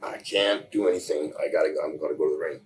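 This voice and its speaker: A man quoting a tearful, hurt male wrestler friend, speaking quietly and pleadingly. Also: a bass voice, steady tone, fast talker, distant mic, a little hiss or hum, pitched below the performer's own voice.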